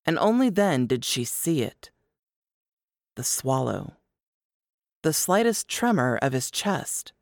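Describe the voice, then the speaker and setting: A woman narrating an audiobook in a measured, expressive storytelling manner. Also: very deep voice, creaky, no echo, studio quality.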